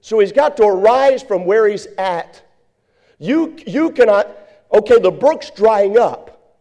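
A man preaching a sermon as pastor, building to shouted, repeated emphasis. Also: sits high, expressive, slow.

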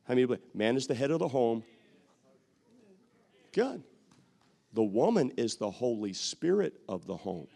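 A man preaching a sermon, bantering with the congregation, repeating phrases for emphasis and sometimes shouting. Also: medium pitch, sing-song, normal speed, creaky, long pauses.

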